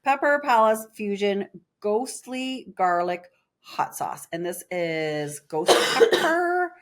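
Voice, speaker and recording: A woman's voice: medium pitch, big pitch swings, takes it slowly. Gleeful teasing woman podcast host. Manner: gleeful, teasing, laughs often. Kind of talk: casual chat.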